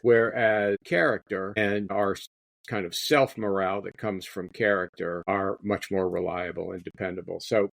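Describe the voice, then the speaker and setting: A man's voice: deep voice, fairly even intonation, normal speed, creaky, no room sound. A man, an author being interviewed, talking in a rambling way and often repeating his words. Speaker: guest author. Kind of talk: interview conversation.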